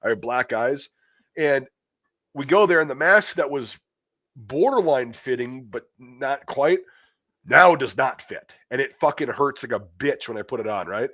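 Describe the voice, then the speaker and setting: A man hosts a casual podcast and tells a long anecdote, cursing constantly and padding it with fillers. His voice sits at an everyday middle pitch. The audio is dry and a little dull and muffled. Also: lively intonation, measured pace, a bit bright, breathy edge, dry recording. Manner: profane, rambling anecdote with lots of fillers. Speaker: podcast host. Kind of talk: casual storytelling chat.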